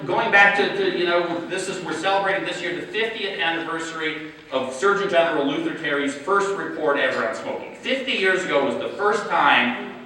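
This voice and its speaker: A man delivers a conference keynote with a bright, slightly high voice, rhetorical and emphatic, slowing down to stress key words. He sounds far from the mic in a large, echoey hall, with a faint audience murmur behind him. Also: a little hiss or hum. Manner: rhetorical, keeps asking "right?" to the audience. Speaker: public health official giving a keynote.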